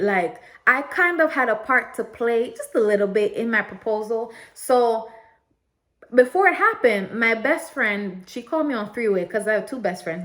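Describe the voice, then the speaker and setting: A woman's voice: mid-range voice, a bit bright. A young woman vlogger telling a story in a chatty, casual way, talking straight to her viewers and laughing often.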